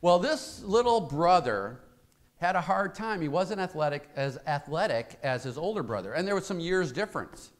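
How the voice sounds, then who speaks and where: A man's voice: a little high, expressive, normal speed. A male pastor giving a conversational sermon in a church, telling a story and asking the congregation rhetorical questions.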